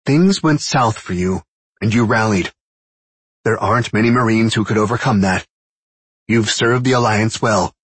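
A man voicing a brisk, commanding senior woman officer in a storybook reading. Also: fairly low pitch, slightly rough, no room sound, pitched above the performer's own voice.

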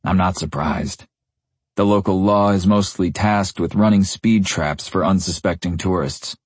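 A man's voice: sits low, measured pace, husky, dry recording. A young man narrating a first-person novel in a gritty, intense tone. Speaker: audiobook narrator.

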